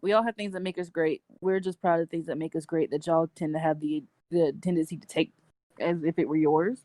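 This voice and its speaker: A woman's voice: deep voice, steady tone, a little fast, dark tone. A woman co-hosting a podcast, speaking in an outspoken, emphatic and playful way. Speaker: podcast co-host. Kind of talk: casual podcast chat.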